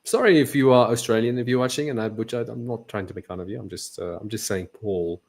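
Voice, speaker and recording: A man's voice: mid-range voice, fast talker, vocal fry, darkish tone. A man co-hosting a trading podcast, joking, laughing often and asking questions. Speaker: co-host. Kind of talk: casual podcast banter.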